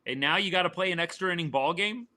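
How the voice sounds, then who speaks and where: Male sports streamer, fired-up and exasperated, forceful and a little high-pitched, answering chat live. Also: fast talker. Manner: fired-up, exasperated, repeats points.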